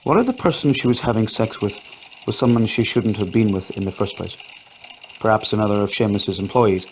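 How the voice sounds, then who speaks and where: A man's voice: on the low side, expressive, fairly quick, a little mellow, a little hiss or hum. A man voicing a weary, patient police inspector who asks methodical questions in an audio story.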